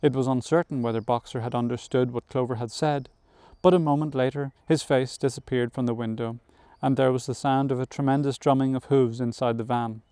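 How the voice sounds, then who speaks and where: A man narrating a novel aloud as an audiobook reader, in a measured storytelling manner that includes occasional self-corrections. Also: medium pitch, steady tone, dark tone, clear, resonant tone, no room sound.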